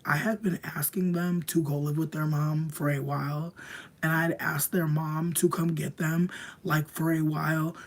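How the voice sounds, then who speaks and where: A young woman telling a long personal story to a livestream in casual, profane slang, padding her talk with "like" and swinging between hushed asides and loud bursts. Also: low-pitched, breathy edge. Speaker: streamer.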